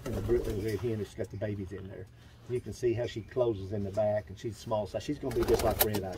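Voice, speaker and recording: A man's voice: fairly low pitch, noisy background. A man in his seventies with a Kentucky accent, a pigeon breeder rambling through a casual walkthrough of his loft, full of fillers and repeats. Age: 70s. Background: pigeons cooing.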